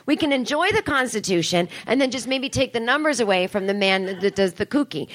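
Bright-voiced woman doing loose stand-up. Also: fairly high pitch, lively intonation, a little fast, a little hiss or hum. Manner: rambling, acts out quoted voices. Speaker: comedian. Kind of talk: live stand-up crowd talk. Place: comedy club stage.

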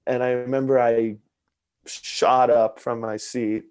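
A man telling a personal story in conversation, earnest and expressive, with many fillers. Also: mid-range voice, slow, smooth, no echo.

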